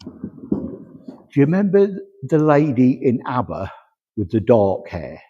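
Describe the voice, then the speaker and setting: A man working as a medium at a church service, chattily passing on spirit messages with a steady run of "he says". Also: mid-range voice, slow pace, breathy edge. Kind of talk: platform mediumship demonstration. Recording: echoey hall, dull lo-fi sound.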